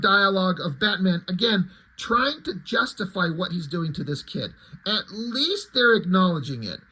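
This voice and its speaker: A man's voice: high voice, pushed and bright, husky. A man reviewing comics in casual, profane, self-deprecating commentary that rambles.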